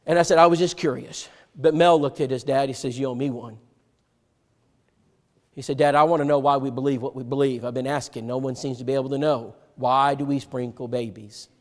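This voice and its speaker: A man preaches a sermon as a personal story. His voice sits a little high, and he acts out the dialogue with sharp swings between loud and soft. The sound carries a long hall reverb. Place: church sanctuary.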